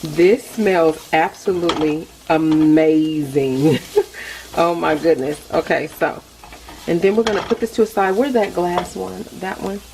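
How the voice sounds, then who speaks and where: A woman's voice: fairly low pitch, fairly even intonation, a little slow, a little mellow, a little hiss or hum, rough recording. A middle-aged woman hosting a casual cooking vlog, chatting straight to her viewers from her home kitchen stove. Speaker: cooking channel host. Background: faint sizzling and frying.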